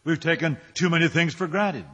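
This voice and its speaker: A man's voice: fairly high pitch, a little fast, pushed and bright, slightly rough, long reverb tail, highs cut off. A male pastor preaching a sermon, firing rhetorical questions and building his phrases up with emphasis.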